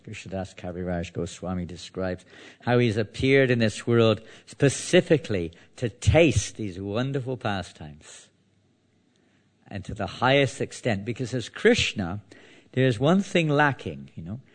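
A man's voice: fairly low pitch, lively intonation, a little slow. A man giving a devotional sermon, reading verses and then explaining them in a loose, conversational way full of restarts. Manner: conversational, with frequent restarts and "you know". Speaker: preacher.

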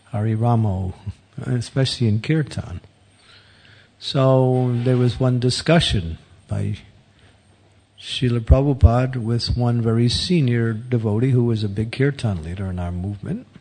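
A man's voice: mid-range voice, a little slow, vocal fry, a little mellow, slightly rough. A man giving an informal spiritual talk as a devotional teacher, telling stories in a rambling way with frequent chuckles. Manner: chuckles often, rambling storytelling. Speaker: Hare Krishna teacher.

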